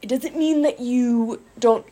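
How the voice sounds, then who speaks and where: Animated woman coach telling a story. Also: a little high, takes it slowly. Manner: animated, acts out quotes with lots of "like". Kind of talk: casual storytelling chat.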